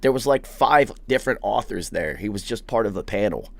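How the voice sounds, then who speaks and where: A man's voice: fairly low pitch, lively intonation, brisk, creaky, no echo. A young man hosting a podcast, telling profane, rambling anecdotes in a casual chat. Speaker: podcast host. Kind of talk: casual storytelling.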